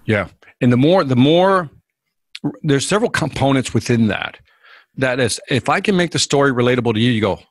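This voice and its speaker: A man telling sales stories in an interview, energetic and acting out quotes and scenes, with a husky voice. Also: medium pitch, normal speed, no echo. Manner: energetic, acts out quotes and scenes, drops voice for dialogue. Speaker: sales speaker, interview guest. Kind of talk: animated storytelling in a podcast interview.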